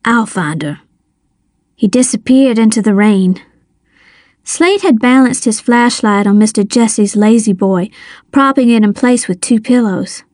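Slow, measured woman narrating a story. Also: a little high, a little mellow, dry recording, clean studio sound. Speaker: audiobook narrator. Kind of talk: first-person storybook narration.

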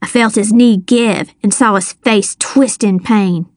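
A woman narrating a story in the first person, measured and dramatic. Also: mid-range voice, darkish tone, dry recording, clean studio sound. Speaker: audiobook narrator.

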